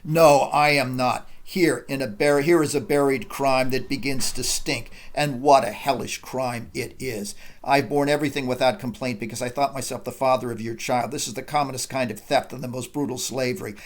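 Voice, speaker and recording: A man's voice: medium pitch, fairly even intonation, moderate pace, hardly any pauses, natural voice. A man reading aloud the lines of an anguished, middle-aged male army captain in a play. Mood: despairing. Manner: reads quotes aloud.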